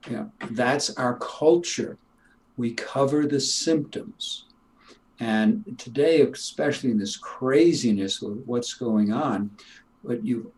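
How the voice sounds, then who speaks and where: A man's voice: medium pitch, darkish tone, low-quality recording. An older man, a retired chiropractor, talking in an emphatic, preachy way in a casual interview. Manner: emphatic, preachy, laughs at his own points.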